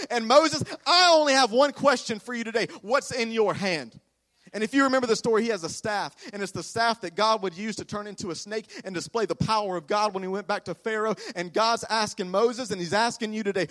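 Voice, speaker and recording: High bright preacher guy, fired up, gets the crowd to answer back. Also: fairly quick. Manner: energetic, emphatic preaching with audience call-and-response. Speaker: pastor. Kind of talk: sermon.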